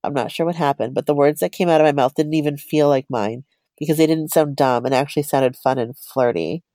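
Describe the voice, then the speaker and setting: A woman's voice: low voice, brisk, mellow, no echo. A woman co-hosting a podcast, reading a personal story aloud in a chatty, giggly way.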